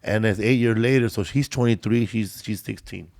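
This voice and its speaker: A man's voice: on the low side, moderate pace, gravelly, darkish tone, dry recording. A man hosting a podcast in casual chat, tossing in dry wisecracks. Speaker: podcast host.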